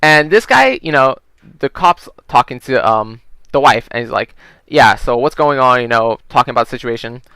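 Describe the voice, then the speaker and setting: A young gaming video creator tells a long story while he plays, rambling casually, saying "you know" a lot and swearing often. His medium-pitched voice is expressive, bright and forceful at a moderate pace, with a clean sound and no echo.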